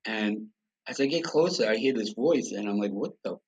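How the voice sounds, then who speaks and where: Blunt, husky-voiced New man. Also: on the low side, moderate pace, rough recording. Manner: blunt, profane, animated storyteller. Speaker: podcast guest. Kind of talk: casual storytelling.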